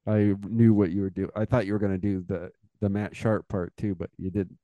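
A man's voice: on the low side, level tone, fairly quick, mellow, no room sound, lo-fi sound. A man co-hosting a podcast in casual chat, joking and self-mocking. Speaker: podcast co-host.

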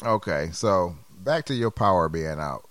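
A man's voice: sits low, expressive, measured pace, a bit bright, no room sound. A man co-hosting a podcast, chatting casually, playfully indignant and laughing often. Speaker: podcast co-host. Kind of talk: casual comedic chat.

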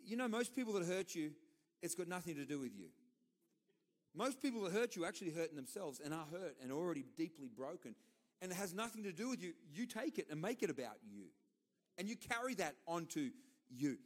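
Very animated and a bit fast, the middle-aged Australian pastor's sermon unfolds like loose storytelling. His voice runs slightly higher than most men's, and he hammers points home with repetition and emphatic side remarks.

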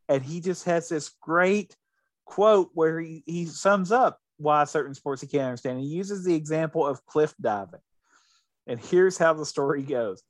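A man co-hosting a casual podcast chat, talking in an animated way with many restarts. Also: fairly high pitch, no room sound. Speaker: podcast co-host.

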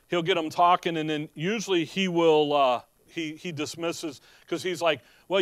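Folksy male preacher, slightly high voice, dry close recording, chatty and rambling. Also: no echo. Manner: conversational, folksy, with frequent restarts. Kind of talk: sermon.

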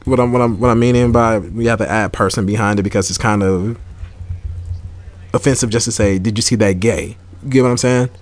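A man's voice: lowish voice, steady tone, fairly quick. A man co-hosting a casual podcast chat, earnestly explaining his point with many restarts. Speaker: podcast co-host.

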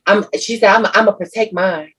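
A woman co-hosting a podcast, telling a personal story in casual chat with a lively, emotional, slangy manner. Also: medium pitch, fairly quick, breathy edge, poor audio. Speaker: podcast co-host.

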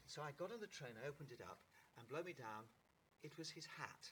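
A middle-aged actor telling anecdotes in an interview, in a lively raconteur's manner with halting restarts. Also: male voice, on the high side, breathy edge. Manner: animated raconteur, mimics voices, halting restarts. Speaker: actor guest.

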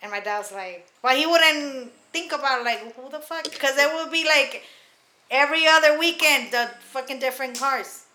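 Profane, bright-voiced woman in an echoey room. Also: high voice, normal speed. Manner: blunt and profane, recounting her youth with laughs. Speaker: podcast co-host. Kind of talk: casual podcast chat.

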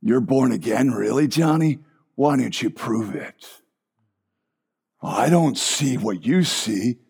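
A man voicing a whispering demonic tempter who taunts in a low, hushed voice. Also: animated, slow, vocal fry, breathy edge, full character voice. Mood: mocking.

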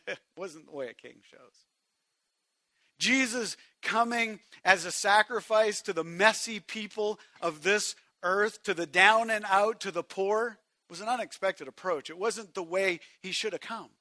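Man, pastor, sermon, high voice, hushed to shouted swings, dry close sound. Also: measured pace, no room sound. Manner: direct address to the congregation.

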